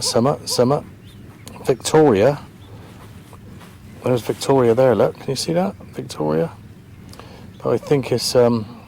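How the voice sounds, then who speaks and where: A man of medium pitch chats casually to the camera while out in an open field, thinking aloud with plenty of ums and half-finished sentences. His delivery is hesitant and easygoing. Faint outdoor ambience sits behind him. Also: creaky, darkish tone, slight background noise. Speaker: metal detecting vlogger.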